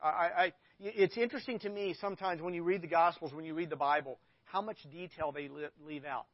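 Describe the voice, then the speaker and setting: A man's voice: fairly high pitch, a little fast, no room sound, highs cut off. A man preaching a sermon as a pastor, talking casually and reading scripture aloud with rising emphasis. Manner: conversational, reads scripture with emphasis.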